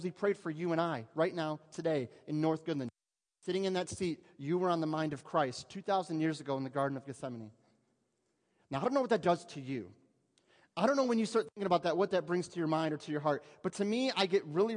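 A man preaching a sermon to a church congregation, talking conversationally and asking the listeners rhetorical questions. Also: high-pitched. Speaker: pastor. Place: church sanctuary. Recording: long reverb of a church hall.

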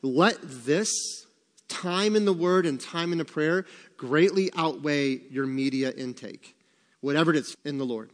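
A man's voice: fairly high pitch, unhurried, big-room sound. A man leading a church group in casual devotional talk, acting out his own worried voice in quotes. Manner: animated, acts out quoted worries.

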